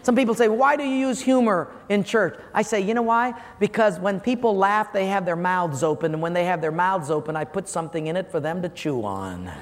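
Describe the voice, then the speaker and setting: A man preaching a humorous sermon as pastor, telling a story with lively energy and acting out the voices of the people in it. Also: high voice, a little fast, few pauses. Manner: animated, acts out quoted callers. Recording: long hall reverb, faint room noise.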